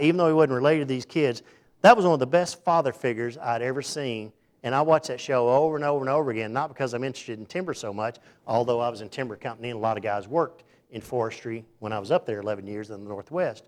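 A man's voice: medium pitch, fast talker. A middle-aged man giving an informal faith talk, rambling and folksy, who acts out the people in his stories. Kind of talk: informal sermon with storytelling.

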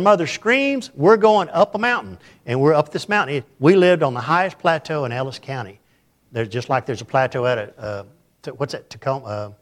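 A man's voice: mid-range voice, a bit bright. A pastor telling a folksy, humorous story in a sermon to his church.

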